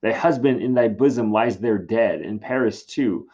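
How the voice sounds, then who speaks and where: Nervous old friar rushing someone out, teacher reading it, low voice, muffled audio. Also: male voice, a little mellow, natural voice. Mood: urgent. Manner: reading aloud from a play script. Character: anxious old male friar urging flight.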